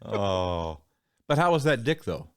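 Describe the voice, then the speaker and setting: A man's voice: on the low side, very animated, slow pace, clear, resonant tone. A man hosting a podcast, introducing his co-hosts with crude jokes in a brash, joking way. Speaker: podcast host. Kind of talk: casual podcast banter.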